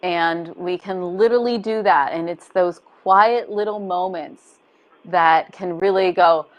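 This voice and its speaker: A woman coach with a lowish voice talks over a video call. She is expressive and compassionate, and now and then slips into soft, soothing inner voices as she explains. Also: unhurried, highs cut off. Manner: warm, expressive, acts out gentle inner voices. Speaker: body-image coach and guest. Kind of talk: casual interview talk.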